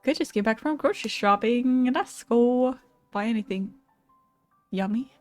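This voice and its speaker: A woman's voice: on the high side, a little slow, darkish tone, faint music behind. Chatty woman streamer, casual and laughing. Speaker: streamer giving card readings. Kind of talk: casual live-stream chat with viewers.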